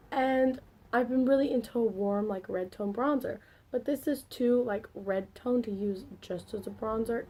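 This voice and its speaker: Chatty woman vlogger, mellow voice. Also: fairly high pitch. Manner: chatty and rambling, with asides and slang. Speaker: beauty vlogger. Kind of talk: casual makeup chat to camera. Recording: faint background noise.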